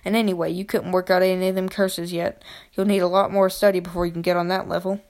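A gruff giant of a man speaks in a fairly low, even voice, blunt and kindly in a storybook reading, as a woman reads his lines aloud. He is plain and down to earth. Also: quick pace, lightly acted. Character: gruff giant male groundskeeper.

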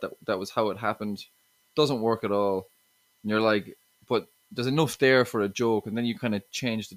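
A guest on a podcast, this Irish stand-up comedian hails from Limerick and speaks with a fairly low pitch in a dry recording. The talk is casual, full of restarts and "you know what I mean."

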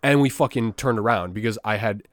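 A man's voice: lowish voice, a little fast, no room sound, studio quality. A young man in casual chat who talks bluntly, swears a lot and bursts out with emphasis. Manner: blunt, profane, emphatic outbursts.

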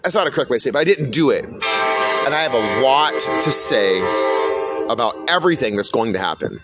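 A man's voice: medium pitch, sing-song, fairly quick, over loud music. A middle-aged man delivering an unscripted podcast sermon, blunt and profane, repeating his warnings. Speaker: podcast preacher. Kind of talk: unscripted religious monologue.

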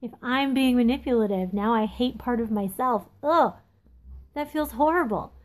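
A woman in her thirties with a candid, confessional way of talking, reflecting aloud in a casual monologue and pausing often with ums. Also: a little high. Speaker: podcast host. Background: phone texting interruptions.

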